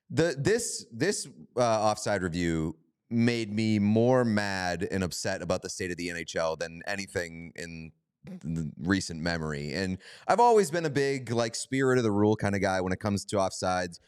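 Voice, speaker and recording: A man's voice: deep voice, sing-song, moderate pace, clear, resonant tone. A man co-hosting a sports podcast in casual chat, laughing easily and giving strong opinions. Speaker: podcast co-host.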